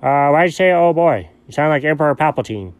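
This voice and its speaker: A man doing an inquisitive nerdy sidekick, slightly high. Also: lively intonation, no room sound, close to an everyday voice. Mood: curious. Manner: inquisitive, quick follow-up questions. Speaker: co-host. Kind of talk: scripted comedy banter.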